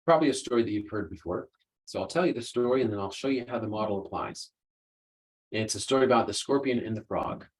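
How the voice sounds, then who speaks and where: A man's voice: on the low side, fast talker, poor audio. A man hosting a solo podcast, explaining ideas in an earnest, conversational way. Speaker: podcast host, coach.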